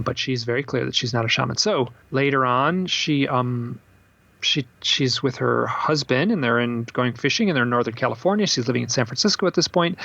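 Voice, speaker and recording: Male author as podcast guest, husky and gravelly, animated storyteller, dull dry recording. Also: mid-range voice, no room sound. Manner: animated storyteller acting out quoted voices. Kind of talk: storytelling in a casual interview.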